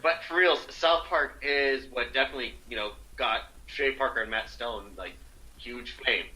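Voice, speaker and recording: A man's voice: mid-range voice, normal speed, pushed and bright, low-quality recording. A man co-hosting a podcast in casual chat, enthusiastic, swearing freely and filling his speech with "like". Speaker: podcast co-host.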